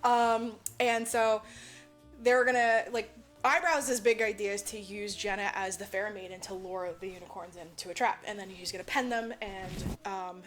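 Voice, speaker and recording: A woman's voice: medium pitch, steady tone, normal speed, fairly bright tone, faint music behind. A woman co-hosting a podcast, recapping a movie in a rambling, casual way, full of "like" and swearing. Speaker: podcast co-host.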